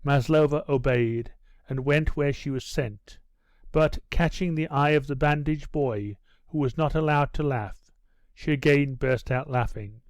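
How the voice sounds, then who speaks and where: A male audiobook narrator reading a classic novel in steady, unhurried scripted narration. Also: mid-range voice, no echo.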